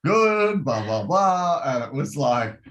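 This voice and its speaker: A man casually chiming in to retell a moment with a relaxed, wry manner. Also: a little high, slow pace. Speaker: vlog co-host. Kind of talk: casual chat.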